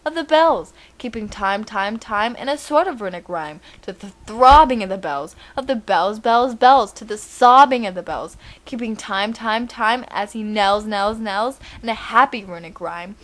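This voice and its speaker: A woman's voice: medium pitch, animated, a little slow, hardly any pauses. A woman and student presenter giving a dramatic poetry recitation, building force on repeated refrains.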